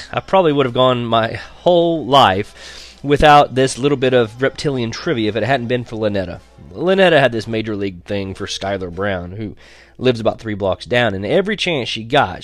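A young man narrating a first-person story in a wry, conversational way. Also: on the low side. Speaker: audiobook narrator.

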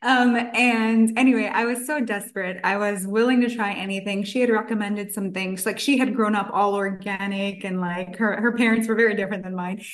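A woman's voice: mid-range voice, fairly even intonation, a little fast, hardly any pauses. A woman nutritionist, a guest on a podcast interview, telling her story in a chatty way with quoted asides. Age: adult, past college.

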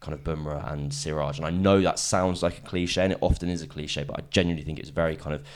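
A man's voice: extremely low pitch, fairly even intonation. A man co-hosting a podcast, chatting casually about cricket in a rambling way full of "kind of". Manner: fast, rambling, leans on "kind of". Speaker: podcast co-host.

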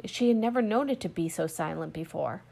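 A woman narrating a classic story aloud in a steady storytelling read, voicing quoted lines lightly. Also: fairly low pitch, brisk, creaky. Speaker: audiobook reader. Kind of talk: scripted narration.

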